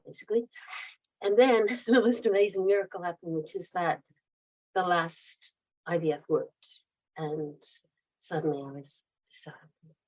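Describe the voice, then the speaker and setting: A woman's voice: fairly low pitch, darkish tone, rough recording. A woman in her fifties with a mid-Atlantic accent between American and British, telling stories in a rambling, chatty way as a guest author and laughing often. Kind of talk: casual interview storytelling.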